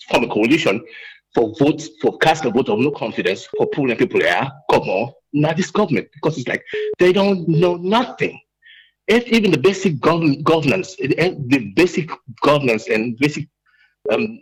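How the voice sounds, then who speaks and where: Agitated husky Sierra Leonean man. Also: medium pitch, poor audio. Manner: agitated, emotional, halting with many restarts. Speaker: radio call-in caller. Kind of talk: impassioned call-in rant.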